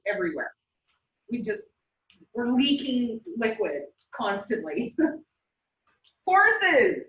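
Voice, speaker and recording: A woman's voice: high-pitched, slight background noise. Chatty woman lecturing in an echoey classroom. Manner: chatty, laughs often, animated storytelling. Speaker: instructor. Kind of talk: classroom lecture with personal anecdotes. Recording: roomy, dull sound from a distant mic.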